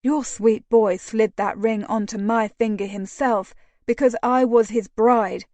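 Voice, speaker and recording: A woman voicing a proud young widow who speaks with tight, controlled defiance, slowly and in a dry sound. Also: a little high, fairly even intonation, a little mellow, no echo, close to an everyday voice. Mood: defiant.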